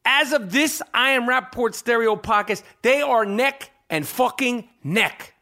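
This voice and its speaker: A man's voice: very high voice, animated, unhurried, bright, forceful tone. A man hosting a sports podcast and reading an ad, talking in a brash, profane, rambling way that keeps checking in with "okay?". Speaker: podcast host. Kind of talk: sports talk and host-read ad.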